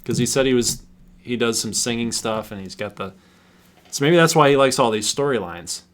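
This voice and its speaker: A man in his thirties with a voice of middling pitch, chatting loosely as a livestream host. He talks with sarcastic, animated energy and breaks into laughter often. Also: fairly quick. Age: 30s. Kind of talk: casual banter.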